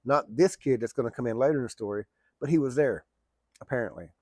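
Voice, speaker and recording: A middle-aged man spins a casual, meandering yarn in a folksy, plainspoken way, circling back and adding asides as he goes. His voice sits at an ordinary pitch, recorded close and dry with no room around it. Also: fast talker, a little mellow, dry recording. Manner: rambling, colloquial, folksy. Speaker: storyteller. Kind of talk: casual spoken storytelling.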